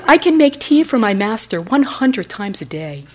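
Ananda, a devoted male attendant muttering his grudging thoughts, as a woman teacher puts him on, breathy. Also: a little high, sing-song, normal speed, pitched above the performer's own voice.

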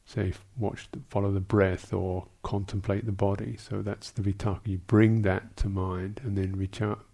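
A man, a Buddhist monk teacher, answering questions in a dharma talk, speaking in a halting, thoughtful way with many restarts and small asides. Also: lowish voice, level tone, vocal fry, mellow.

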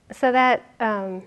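A middle-aged woman meditation teacher giving a dharma talk, telling stories in an animated way and laughing often. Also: a little high. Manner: animated storytelling, laughing often, acting out quotes.

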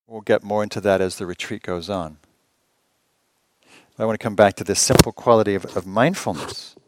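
A man teaching meditation at a retreat, talking conversationally and asking rhetorical questions with gentle humor. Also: fairly low pitch, fairly even intonation, moderate pace, dry recording. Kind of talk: retreat dharma talk.

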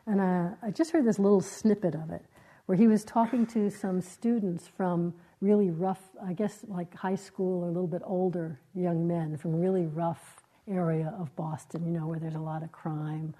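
A woman meditation teacher giving a dharma talk in a gentle, reflective way, with halting, searching phrases. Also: fairly low pitch, little pitch movement, poor audio. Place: meditation hall.

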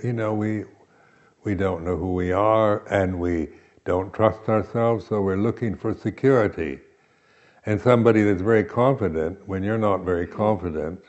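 A man giving a reflective dharma talk as a meditation teacher, pausing often and restarting his phrases. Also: on the low side, darkish tone, lo-fi sound. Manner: slow, reflective, with many pauses and restarts.

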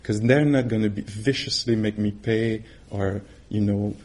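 A middle-aged meditation teacher gives a dharma talk in a fairly low, steady, slightly mellow voice, unhurried throughout. He keeps it casual and conversational, laughing often and acting out quoted voices.

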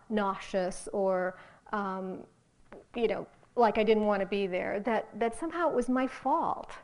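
A woman meditation teacher giving a dharma talk, gentle and halting, dropping into soft whispers on some phrases. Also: fairly high pitch. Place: meditation hall.

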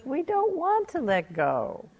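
Slow, reflective older woman giving a dharma talk. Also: sits high, huge pitch swings, darkish tone. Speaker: meditation teacher.

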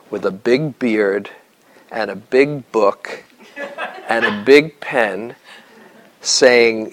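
A man giving a dharma talk to retreat students, telling stories in a slow, reflective way with long pauses. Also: mid-range voice, low-quality recording. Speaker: meditation teacher.

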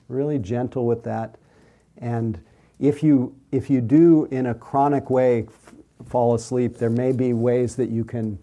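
Male meditation teacher, deep-mellow timbre, soft and unhurried delivery. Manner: gentle, unhurried, soothing. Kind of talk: mindfulness talk with questions.

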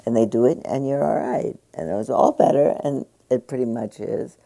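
Low, gravelly-voiced woman teaching meditation. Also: mellow. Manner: conversational, pausing with fillers while paraphrasing a book. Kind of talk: dharma talk.

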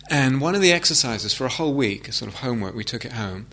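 A man giving a meditation talk, gentle and reflective, with frequent hesitant restarts. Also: mid-range voice, lively intonation, fast talker. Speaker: meditation teacher. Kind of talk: dharma talk. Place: meditation hall with audience.

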